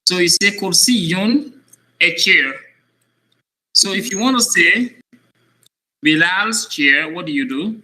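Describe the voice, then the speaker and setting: A male Arabic teacher with a high voice and a very bright, sharp edge to it. He talks patiently and repeats words slowly so a young student can follow. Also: low-quality recording. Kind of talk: one-on-one language lesson for a child.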